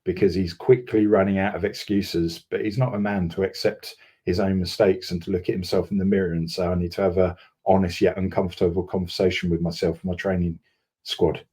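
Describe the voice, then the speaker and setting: Deep, husky, scornful football pundit man. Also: level tone, warm tone. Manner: scornful, measured, sardonic. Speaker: guest pundit. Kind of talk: heated football fan chat.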